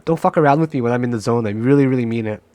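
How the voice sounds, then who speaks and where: A man giving live commentary on his own trades, excitable and profane, cocky and joking, often shouting and pleading at the price chart. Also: medium pitch, very fast, a little hiss or hum.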